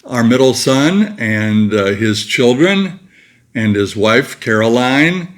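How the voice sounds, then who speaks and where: A man's voice: mid-range voice, expressive, takes it slowly. Older man, folksy co-host, joking, easy conversational pace. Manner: folksy, joking, reads viewer letters aloud. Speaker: co-host of a retiree channel. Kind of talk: casual couple's chat show.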